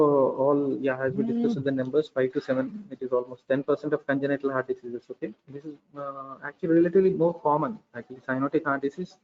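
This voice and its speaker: A man with an Indian English accent lectures students on medicine in a slightly raised voice. He explains step by step, dropping in "okay" and "uh" often. The recording is muffled and lo-fi. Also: on the high side. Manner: explains patiently with frequent "okay" and filler pauses. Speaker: pediatrics lecturer.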